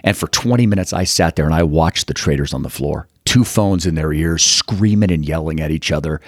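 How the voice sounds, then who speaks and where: A man in his fifties from Utah, telling animated stories as a guest in an interview and acting out the people in them. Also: very deep voice, brisk, hardly any pauses, no room sound, studio quality. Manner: animated, acts out quotes in the story. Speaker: guest, fund manager. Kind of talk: storytelling interview.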